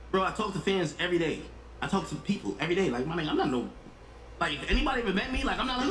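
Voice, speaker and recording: A man telling a story in an excitable way, acting out the lines of others with sudden jumps in pitch. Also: very fast, roomy sound, a little hiss or hum, rough recording. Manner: excitable, acts out dialogue with sharp jumps in pitch. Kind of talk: animated storytelling on a clip.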